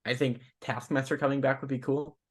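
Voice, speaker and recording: Easygoing young man, mid-pitched. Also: a little fast. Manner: relaxed, hesitant, with fillers. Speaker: podcast co-host. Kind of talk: casual chat.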